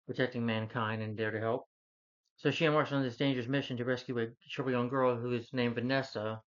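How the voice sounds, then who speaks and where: A man giving a casual spoken film review, rambling and repeating himself as he recaps the plot with frequent restarts. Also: mid-range voice. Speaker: movie reviewer. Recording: slightly dull, lo-fi recording.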